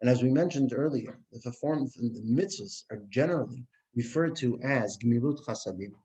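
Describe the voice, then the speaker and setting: A man teaching a Torah class who tells a parable in a lively way. He restarts phrases often and uses Hebrew terms. His pitch is mid-range. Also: fairly quick, highs cut off.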